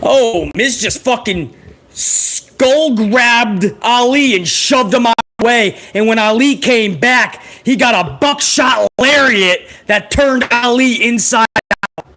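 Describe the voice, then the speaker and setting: A man giving live, profane play-by-play reaction to a wrestling broadcast, excitable and joking. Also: extremely high pitch, slow pace. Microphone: headset.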